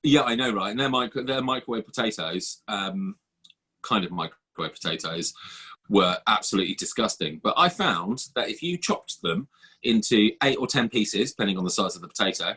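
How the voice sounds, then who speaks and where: A man's voice: lowish voice, normal speed, sharp tone, slightly rough. A man co-hosting a casual podcast chat, blunt and sweary as he tells stories. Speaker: podcast co-host.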